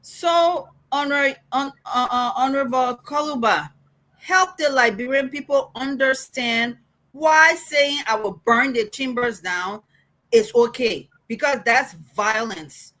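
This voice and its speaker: Brief: female panelist, high bright voice, pointed. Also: takes it slowly, poor audio. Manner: pointed, questioning. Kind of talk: panel debate.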